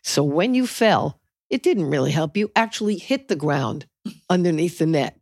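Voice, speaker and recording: A woman co-hosting a casual podcast, giving advice in a measured way with an extended metaphor. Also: deep voice, expressive, a little mellow, husky, no echo, clean studio sound.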